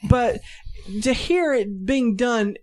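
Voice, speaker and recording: A man's voice: very high-pitched, lively intonation. A man appearing as an author on a podcast, chatting casually, gushing with praise and stumbling over repeated words. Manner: effusive, halting, repeats words. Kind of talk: casual chat.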